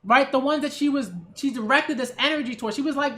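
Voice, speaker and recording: A woman's voice: high-pitched, fast talker, fairly bright tone. A woman hosting her own channel, giving a casual opinion rant with emphatic, sarcastic delivery and frequent rhetorical "right?" check-ins. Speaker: culture critic and channel host.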